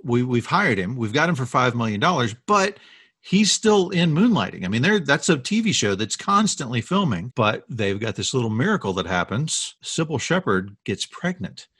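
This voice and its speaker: A man's voice: mid-range voice, husky, no echo. A man co-hosting a podcast, casually retelling film history with enthusiasm. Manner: enthusiastic storyteller, animated retellings. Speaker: podcast co-host.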